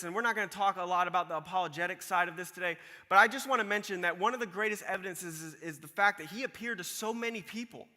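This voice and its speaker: A man preaching a sermon, reading scripture and retelling it in a casual, animated way, acting out the people in the story. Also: high-pitched, long reverb tail. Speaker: pastor.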